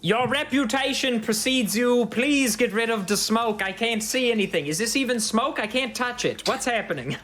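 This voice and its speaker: A man's voice: extremely high pitch, animated, moderate pace, hardly any pauses, voice pushed up. A man voicing a lead male Triton warrior in a tabletop game, panicky and bossy, with a put-on German accent. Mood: panicked. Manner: panicky, shouting orders.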